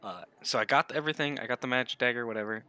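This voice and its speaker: During casual tabletop play, a man talks rapid-fire in a mid-range voice that's bright, forceful, clear and resonant. Still, his speech rambles and hesitates, full of restarts and self-corrections.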